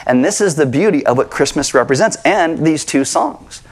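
A middle-aged man preaching a sermon to his congregation, conversational and animated, asking rhetorical questions. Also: a little high, normal speed. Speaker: pastor. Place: church sanctuary with congregation.

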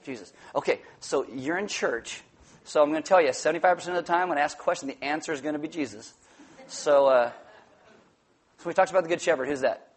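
A man's voice: fairly high pitch, quick pace, slightly rough. Playful man preaching to a congregation. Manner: playful, jokey, animated. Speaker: pastor. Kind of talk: sermon with audience interaction. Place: church sanctuary.

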